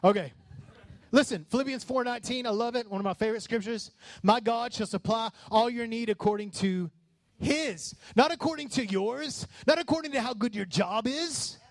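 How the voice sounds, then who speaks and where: A high-pitched man preaching with fiery passion, his voice climbing into shouts at the peaks. The sound is close and dry, with no room echo. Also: moderate pace. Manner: passionate, rising to shouts on key lines. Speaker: pastor. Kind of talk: sermon.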